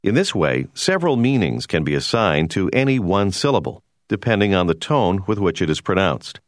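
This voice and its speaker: A man giving a scripted, measured narration for a language course. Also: low voice, sing-song, dry recording, studio quality. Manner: measured, explanatory.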